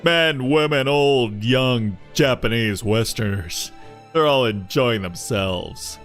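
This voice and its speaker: A man voicing a smooth, overly friendly foreign man in a game, speaking deep, slow and pompous. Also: fairly bright tone, faint music behind. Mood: genial.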